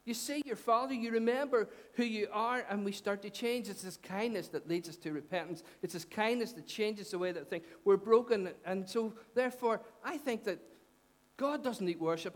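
A middle-aged male pastor with a Northern Irish accent delivers a sermon in a fairly high voice. He talks to the congregation in an earnest, conversational way, lifting his voice on the big points and dropping it low for the asides. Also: brisk. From Northern Ireland. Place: church hall.

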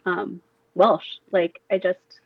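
A woman's voice: lowish voice, level tone, takes it slowly, vocal fry, no room sound. Female co-host, rambling casual storyteller, muffled dry sound. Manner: rambling storyteller, says "like" a lot. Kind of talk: casual chat. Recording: dull dry recording.

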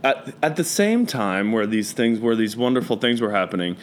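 A man with a lowish voice spins rambling, profane stories in casual conversation. He strings thoughts together with lots of fillers and restarts. A faint hiss sits under the recording. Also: animated, moderate pace. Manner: rambling storyteller, loose and profane, many fillers. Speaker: guest. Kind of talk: casual chat.

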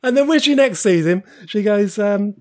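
A man's voice: high-pitched, animated, normal speed. A man co-hosting a casual film podcast, recounting scenes with enthusiasm and frequent laughter. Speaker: podcast co-host.

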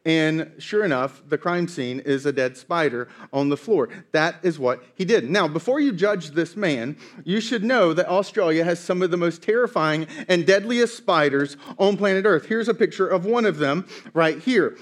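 A man preaching a sermon, telling a story with playful, animated asides. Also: fairly high pitch, normal speed, few pauses. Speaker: pastor.

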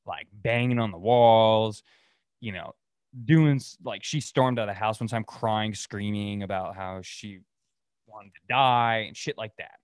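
A man's voice: on the low side, a little slow, clear, resonant tone, no room sound, clean studio sound. A young man from Oregon hosting a solo podcast, ranting in a profane, rambling way and laughing at his own stories. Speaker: podcast host. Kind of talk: casual solo rant.

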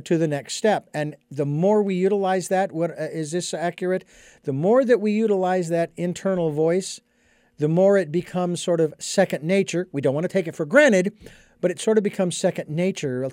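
A man's voice: fairly high pitch, dark tone, no echo, clean studio sound. A middle-aged man hosting a casual conversation, speaking thoughtfully with frequent hesitations. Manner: thoughtful, hesitant, many uh fillers. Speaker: host.

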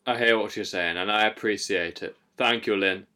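Hesitant deadpan comic male host. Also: lowish voice, moderate pace. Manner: hesitant, full of ums, mock-earnest. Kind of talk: deadpan comic improv chat.

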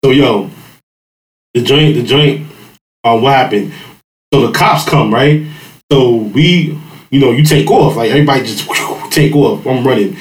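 A father on a podcast panel rambles through a long childhood story in casual chat, full of fillers and laughing as he goes. His mid-range voice moves at a measured pace with long pauses, and the low-quality recording sounds roomy.

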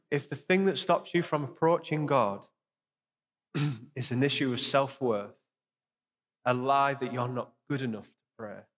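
A young man preaches as a pastor in a church hall, his mid-pitched voice carried by a long, lingering reverb. He is earnest and encouraging and repeats key phrases for emphasis. He leads the room in prayer in the same steady sermon manner.

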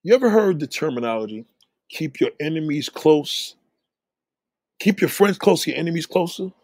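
A man telling street stories in a casual monologue, animated, acting out the voices of the people he describes. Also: fairly high pitch, moderate pace, no echo.

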